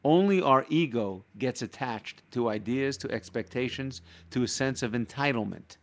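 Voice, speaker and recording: Calm man explaining spiritual ideas. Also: mid-range voice. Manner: reads quoted passages, then explains them with acted-out everyday examples. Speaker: guest teaching Kabbalah.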